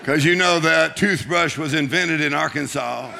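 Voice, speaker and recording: A man preaching a humorous sermon, joking and urging the congregation on with shouts and laughter. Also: on the high side, moderate pace, creaky, slight background noise.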